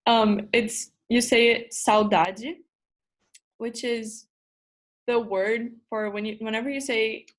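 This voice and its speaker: Bright-voiced upbeat young woman from Brazil. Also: on the high side, steady tone, unhurried. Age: young adult. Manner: upbeat, enthusiastic, laughs easily. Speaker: student cultural navigator. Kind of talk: casual Q&A answers.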